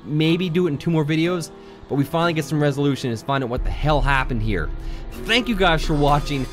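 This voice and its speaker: A high-voiced man narrates his horror game playthrough in a jittery, joking way, cursing freely as he goes. Loud game music plays behind his voice. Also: lively intonation, a little fast. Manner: jittery, swears freely, jokes nervously. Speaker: gaming channel host. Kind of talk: horror game let's play commentary.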